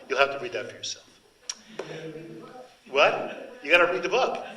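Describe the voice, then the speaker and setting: A man's voice: mid-range voice, sing-song, measured pace, sharp tone, roomy sound, poor audio. An older man, a translator giving a book talk, speaking in a chatty, digressive way about the text. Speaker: author and translator presenting his book. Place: event hall.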